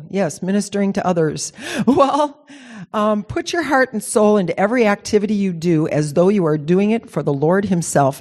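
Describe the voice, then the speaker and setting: A woman telling a personal story in a casual, animated and emotional way, with rambling restarts. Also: fairly low pitch. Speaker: speaker sharing a personal story.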